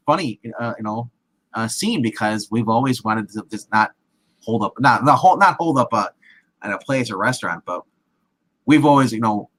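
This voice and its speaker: A man's voice: fairly low pitch, fairly bright tone, low-quality recording. A man casually retelling a film scene with many restarts and acted-out quotes, as a movie show co-host. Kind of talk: casual movie recap chat.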